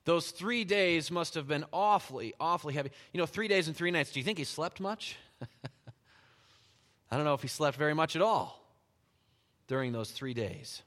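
A man preaching a sermon, reading scripture and retelling it in animated storytelling style with frequent chuckles. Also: on the high side, normal speed, pauses often. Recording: long hall reverb.

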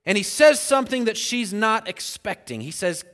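A man's voice: sits high, big pitch swings, moderate pace, a bit bright, in a large hall. A man preaching a sermon, acting out the voices in the scripture story as he goes.

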